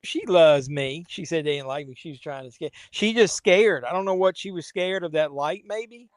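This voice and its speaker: A man's voice: fairly high pitch, a little fast, dry recording. A man hosting a casual live watch-along stream, rambling to chat viewers between asides. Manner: rambling, talks to viewers and his pet.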